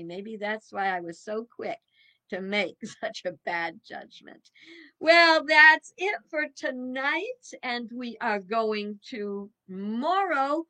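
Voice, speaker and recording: Minister, woman, 70s, folksy and musing, slightly high, bright tone. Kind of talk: reflective evening talk.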